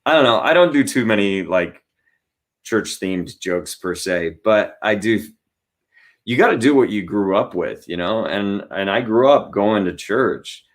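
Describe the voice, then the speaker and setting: A man, a guest comedian, chatting in an interview and telling stories with animated asides and quick voice impressions. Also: fairly low pitch. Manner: animated storyteller who acts out voices. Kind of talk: casual interview chat.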